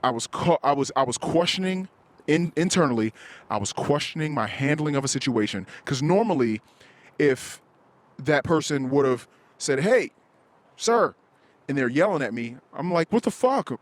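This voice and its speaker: A man's voice: mid-range voice, moderate pace. A man hosting a podcast, talking candidly and self-critically in a rambling way, swearing often and acting out heated quotes. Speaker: podcast host. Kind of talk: candid solo podcast confession.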